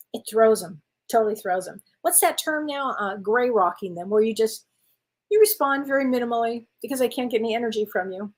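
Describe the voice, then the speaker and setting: A woman, a spiritual medium chatting encouragingly with viewers on a live stream. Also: fairly high pitch. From Wisconsin, USA. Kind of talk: casual live-stream chat reading viewer comments.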